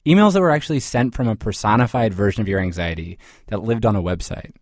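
A man narrating a scripted radio story with a wry, crisp delivery. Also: on the low side, animated, fast talker, no room sound, studio quality. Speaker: podcast host reporter.

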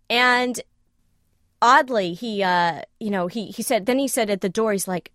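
Animated woman telling a personal story. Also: a little high, normal speed, no echo, studio quality. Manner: animated, self-questioning, acts out quoted dialogue. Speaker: storyteller guest.

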